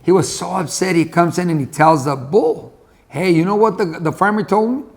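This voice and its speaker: A man's voice: sits high, normal speed, vocal fry. A man playing a scheming farm donkey. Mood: indignant. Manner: conspiratorial advice-giving. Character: crafty, later resentful male donkey.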